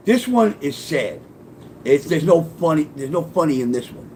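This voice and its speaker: On a rough recording with faint background noise, a middle-aged man with a somewhat high voice recounts a personal story at a moderate pace. The casual memoir-style telling is animated and full of profanity, with him acting out quoted voices.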